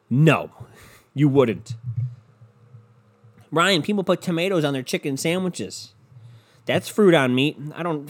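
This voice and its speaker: A man's voice: a little high, slightly rough. Profane, exasperated man ranting. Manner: repeats points for emphasis. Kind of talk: ranting monologue.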